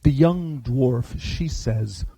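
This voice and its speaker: A man's voice: medium pitch, very slow, vocal fry, dark tone, husky, dry recording, low-quality recording. A man narrating a tabletop game as game master, hesitant, with many filler sounds, on a convention stage.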